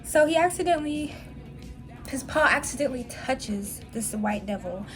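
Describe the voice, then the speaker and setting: Young woman vlogger, slightly high voice, blunt and profane storytime rant, faint music underneath. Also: lively intonation, normal speed. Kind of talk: casual storytime vlog. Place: dim room at home.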